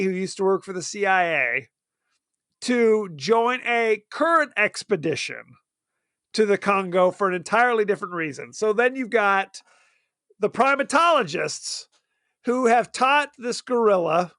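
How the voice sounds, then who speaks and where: A man's voice: high voice, sharp tone, no room sound. Giggly man recapping, dry sound. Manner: chatty, laughs often while recapping. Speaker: podcast co-host. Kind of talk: casual chat.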